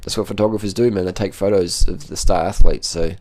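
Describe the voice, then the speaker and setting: A man's voice: low-pitched, fairly even intonation, fast, darkish tone. A man giving casual running commentary on race footage as a cycling vlogger, blunt and profane, repeating short phrases.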